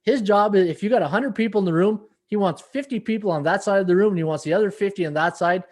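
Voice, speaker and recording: A man's voice: high voice, fast, darkish tone. A middle-aged man hosts a sports betting live stream, chatting loosely and reading viewer comments between fillers and restarts. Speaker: sports betting podcast host.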